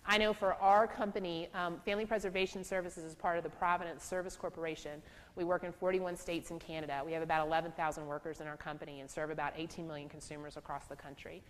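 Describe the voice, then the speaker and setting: A woman's voice: lowish voice, quick pace. A woman speaker giving a lecture on trauma, telling stories from her casework and acting out the voices of the people in them. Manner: storytelling, animated when acting out quotes, laughs. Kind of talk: lecture to a law school audience. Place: lecture hall. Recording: reverberant lecture hall.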